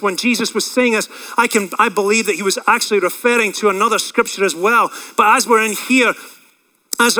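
Male pastor, sermon delivery, high ringing voice, emotional swings from shouting to hush. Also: poor audio. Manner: rises to loud impassioned cries on quoted prayers, drops low and quiet when reflecting; frequent fillers and restarts.

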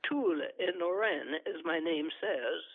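A man's voice: a little high, expressive, takes it slowly, breathy edge, heavily acted. A man reading aloud voices a young male spy posing as a loyal partisan, who answers questions eagerly and readily. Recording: dry, tinny phone line.

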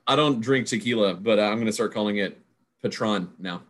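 A man co-hosting a podcast, a teacher, talking casually in a halting, rambling way. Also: fairly low pitch, fairly bright tone. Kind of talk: casual chat.

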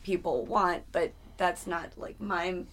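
A woman musician chats casually as a guest. Her speech is relaxed and trails off softly at the ends of phrases. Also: fairly low pitch, slow. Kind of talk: casual chat.

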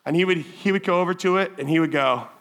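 A man speaking at a teen summer camp, telling stories in a chatty, animated way full of "like" fillers before turning them into a sermon point. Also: sits high, quick pace, a little hiss or hum. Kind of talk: storytelling youth sermon.

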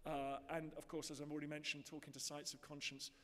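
A man's voice: fairly high pitch, monotone, fast, fairly bright tone. A man with an English accent giving an earnest, emphatic speech directly to an audience in a large hall. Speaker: conference speaker. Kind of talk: public speech. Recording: long hall reverb.

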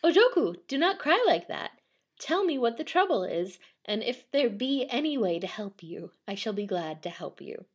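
A woman's voice: big pitch swings, normal speed, few pauses, husky. A woman voicing a kind man in an old ghost tale, speaking in an earnest, pleading way. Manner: earnest, pleading, high and strained. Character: kind Japanese man, pleading then terrified.

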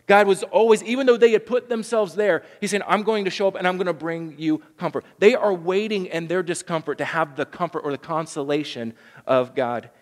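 A man in his thirties delivers a sermon in an earnest, conversational way, stumbling over and restarting his phrases as he goes. His voice sits a little high for a man. The sound carries the long reverb of a large church sanctuary. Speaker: pastor.

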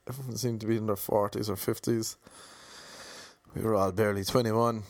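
An Irish man telling a rambling, jokey anecdote in a casual way, now and then slipping into quick mock voices for the people in it. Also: fairly low pitch, fairly even intonation, no echo. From Ireland. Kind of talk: casual comedic storytelling.

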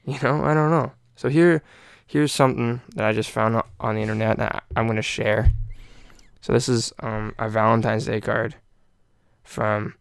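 Casual young male podcast host: rambling, profane, gravelly voice, dry room. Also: mid-range voice, fairly even intonation, moderate pace, no echo. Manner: rambling, profane, many fillers.

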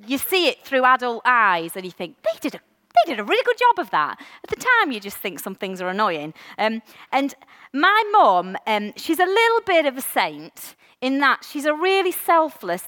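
Animated woman preaching in a reverberant hall. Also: a little high. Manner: candid, animated, warm-hearted with frequent ums. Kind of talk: sermon. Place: church hall.

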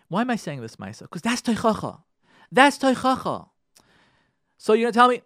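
A man, a rabbi on a radio show, urging his listeners in an impassioned talk, repeating his key points and swinging from loud pressing to soft pleading. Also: very high-pitched, big pitch swings, brisk, dry recording, clean studio sound.

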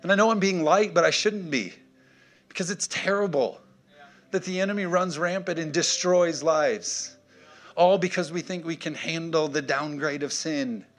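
A man's voice: fairly high pitch, moderate pace. A man preaching a sermon, emphatic and punchy, checking in with his congregation. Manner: emphatic, punchy, call-and-response. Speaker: pastor.

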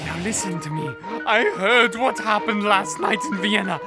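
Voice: mid-range voice, normal speed, over loud music, lightly acted. A performer playing a fretful old man who scolds his partner in a theatrical, half-sung way. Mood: sing-song scolding.

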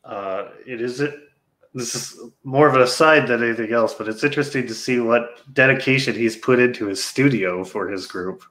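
A guest on a talk show who speaks in a hesitant, halting way. His pitch is middling. The sound is roomy, with a clear echo around his voice. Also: a bit bright. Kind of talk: casual discussion.

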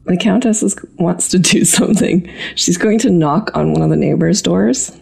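A woman's voice: fairly low pitch, moderate pace, gravelly, a little mellow, slightly rough. A woman playing a tabletop game, speaking hesitantly and thoughtfully. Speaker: player. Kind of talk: casual tabletop game play.

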